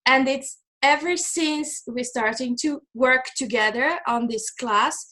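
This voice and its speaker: A woman hosting a conversational video call, animated and self-deprecating, often quoting others. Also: high voice, takes it slowly. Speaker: host.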